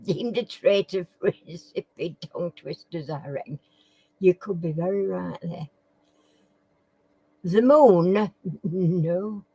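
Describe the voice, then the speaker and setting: A woman's voice: on the low side, takes it slowly, pauses often, dark tone, husky, poor audio. A woman hosts a casual live quiz. She reads questions aloud, stumbles over words, and chats with viewers by name. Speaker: live stream quiz host.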